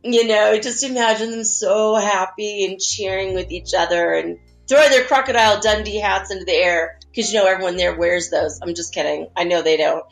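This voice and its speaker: A woman hosting a spiritual talk, chatting gently and guiding listeners through visualizations. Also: medium pitch, steady tone, moderate pace, creaky, hardly any pauses. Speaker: spiritual channel host. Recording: faint guitar music behind.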